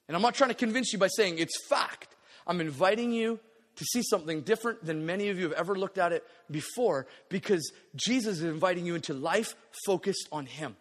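Man, pastor, sermon, high voice, energetic and playful, long hall reverb. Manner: energetic, playful asides and acted-out quotes. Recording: long echo of a large hall.

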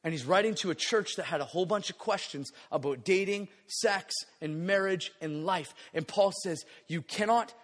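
Speaking at a normal pace with few pauses, a high-voiced pastor delivers an animated sermon full of playful digressions and acted-out quotations. A large hall gives his voice a long, lingering echo.

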